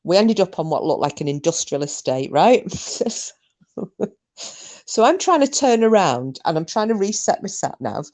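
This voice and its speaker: A young woman streamer tells her live chat a story in a casual way, laughing a lot, swearing freely and making fun of herself. Her voice sits fairly low with big swings in pitch, a darkish tone and normal speed.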